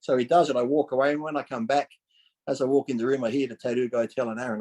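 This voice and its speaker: A man's voice: mid-range voice, very fast, low-quality recording. A man in his forties, a podcast guest telling stories in casual chat, acting out what people said, swearing freely and laughing often. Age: 40s. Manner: animated, acts out quoted voices, swears freely, laughs often. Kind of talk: casual storytelling.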